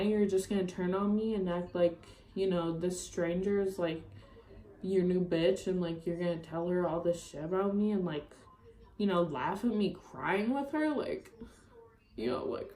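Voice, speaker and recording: Near tears, a young woman tells an upset, rambling breakup story in a storytime vlog, cursing and filling gaps with fillers. She speaks at a measured pace in a warm, lowish voice, and the low-quality audio carries noticeable reverb.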